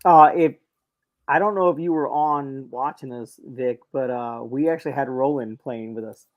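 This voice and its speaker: A man playing a casual online trivia game, eager and quick when excited. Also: mid-range voice, dry recording, muffled recording. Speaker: trivia contestant.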